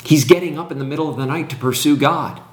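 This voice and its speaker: A man's voice: a little high, quick pace. A man speaking in a teaching conversation with emphatic, preacherly build-ups and repetition. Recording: roomy echo.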